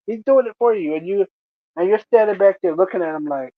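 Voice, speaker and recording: A man casually telling stories about his old fast-food job, animated and laughing often. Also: high voice, dry recording, narrow, tinny audio. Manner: animated, laughs often, acts out coworkers' voices. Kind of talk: casual storytelling chat.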